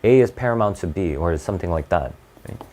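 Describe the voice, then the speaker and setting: A man teaching an SAT class live, talking in a halting, conversational way with frequent restarts and fillers. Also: low voice, animated, warm tone. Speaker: SAT tutor.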